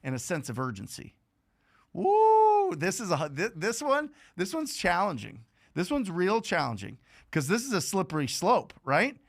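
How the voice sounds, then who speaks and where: A man hosting a live show, giving an energetic, repetitive motivational talk full of rhetorical questions. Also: sits high, normal speed. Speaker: host.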